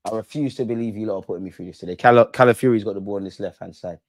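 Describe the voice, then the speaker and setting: A man with a lowish voice talks very fast as he reacts live to a football game he's hosting a watch-along for. He speaks emotionally to the players and referee on screen, slangy and casual, swearing now and then.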